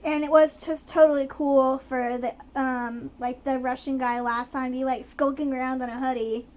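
A woman with a slight Southern accent co-hosts a podcast, chattily rambling with fillers as she recaps a TV episode. Her voice sits high with a darkish tone, fairly even intonation, and a moderate pace.

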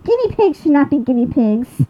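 Big pitch swings mark this young woman's high voice as she recaps a TV episode on her podcast at normal speed. She chats casually, rambling with many fillers and now and then losing track of her notes. A little hiss or hum sits under the dull lo-fi recording.

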